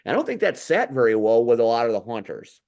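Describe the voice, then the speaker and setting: A man hosting a casual talk show, blunt and quick to swear when he gets heated. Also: mid-range voice, big pitch swings, creaky, darkish tone. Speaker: podcast host. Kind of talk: casual chat.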